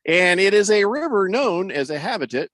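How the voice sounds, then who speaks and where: A man co-hosting a radio show, telling stories in a casual, animated way and acting out what people said. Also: high-pitched, moderate pace. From Irish heritage. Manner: animated storyteller, acts out quotes. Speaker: radio co-host. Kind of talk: casual sports radio banter.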